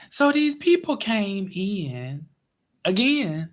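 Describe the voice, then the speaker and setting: A man telling a casual, exasperated story to his viewers, with big swings in his voice. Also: a little slow. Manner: animated, exasperated retelling with big pitch swings. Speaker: vlogger.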